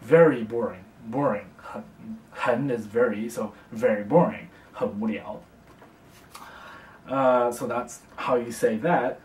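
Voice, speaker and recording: A young man teaching a casual beginner language lesson, speaking slowly and patiently and repeating phrases for the learner. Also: mid-range voice, darkish tone, far from the mic. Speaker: language tutor. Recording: echoey room, voice from off the mic.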